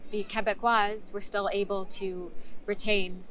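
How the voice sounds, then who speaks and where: A rueful young woman actor with an American accent, played by an actress in a filmed monologue. She talks in candid, searching bursts, full of pauses and restarts. Her pitch sits in the middle range, with a faint hiss behind her. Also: little pitch movement, a bit bright, lightly acted, rough recording. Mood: wry. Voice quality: halting, confessional delivery full of pauses and restarts.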